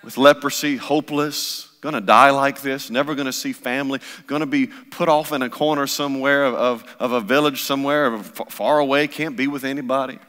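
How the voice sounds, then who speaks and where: A man's voice: mid-range voice, steady tone, fairly quick, few pauses, fairly bright tone. A man preaching a sermon as pastor, impassioned and repetitive in his delivery. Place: church sanctuary. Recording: long church hall reverb.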